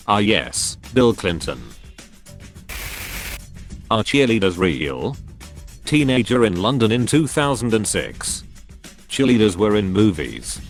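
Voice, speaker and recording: A man narrating a collection of online forum stories in a steady, even, scripted reading. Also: fairly low pitch.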